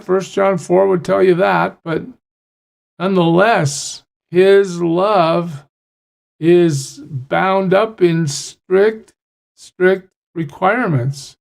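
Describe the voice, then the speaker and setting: A pastor reads scripture aloud and stops often to explain it in a plain, conversational way. His voice sits high for a man and has a gravelly edge. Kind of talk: Bible study teaching.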